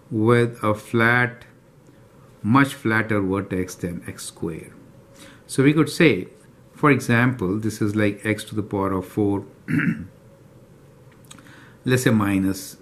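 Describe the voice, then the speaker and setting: A math teacher walks through a calculus lesson step by step, explaining as he goes and often checking in with the viewer with "right?" and "do you see that?" His voice is on the low side and a bit bright.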